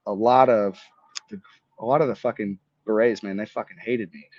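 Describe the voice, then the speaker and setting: A man's voice: mid-range voice, no room sound. A man in his thirties from Florida, a veteran telling stories as a podcast guest, acting out dialogue and swearing freely. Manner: animated storyteller, swears, acts out dialogue. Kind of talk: casual storytelling interview. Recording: dry, slightly dull podcast mic.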